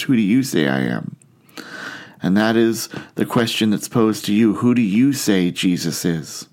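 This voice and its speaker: A man's voice: on the low side, animated, unhurried. Man preaching an earnest sermon. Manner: earnest, questioning, with rhetorical questions to the congregation. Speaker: pastor.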